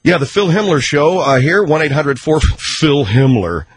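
Radio comedy host guy, slightly high voice, swings his pitch around a lot, studio mic. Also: sing-song, normal speed, a little hiss or hum. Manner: defensive, wisecracking. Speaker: radio talk show host.

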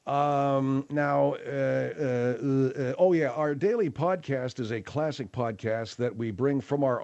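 Rambling radio host. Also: male voice, medium pitch, a little mellow, muffled recording. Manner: rambling, slangy storyteller. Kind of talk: late-night radio talk show.

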